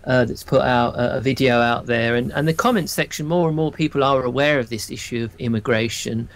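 A man from England, co-hosting a casual chat and talking hesitantly with frequent pauses. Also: mid-range voice. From southern England. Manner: hesitant, full of ums and restarts. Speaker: co-host.

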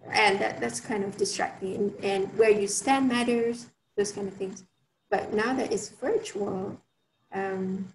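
A woman's voice: mid-range voice, a little mellow, slight background noise. A young adult woman giving an online workshop talk, chatty, with many fillers and restarts. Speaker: workshop speaker. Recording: roomy sound with faint ambience.

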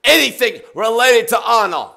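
A man streaming a mock ASMR painting show, talking in hushed, soft-spoken patter that breaks into shouting rants. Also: very high-pitched, lively intonation, moderate pace, gravelly.

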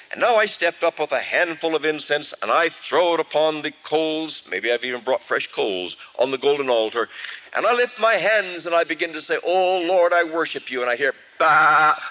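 A man's voice: on the high side, dull audio. A man preaching a sermon at a camp meeting, telling a story and acting out its scenes. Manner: animated storytelling, acts out scenes. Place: camp meeting before a live audience. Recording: archival 1979 camp meeting recording.

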